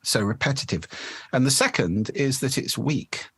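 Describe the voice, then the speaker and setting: A man's voice: medium pitch, lively intonation, moderate pace, slightly rough, no room sound. A man, a voice expert explaining speaking habits in a podcast interview. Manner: articulate, explanatory, demonstrates voice effects.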